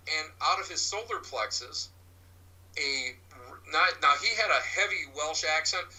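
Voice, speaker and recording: A man who works as a psychic medium and teaches mediumship, telling rambling stories in a halting way, often restarting his words. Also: on the high side, expressive, pushed and bright, distant mic, poor audio. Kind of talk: rambling anecdotal storytelling.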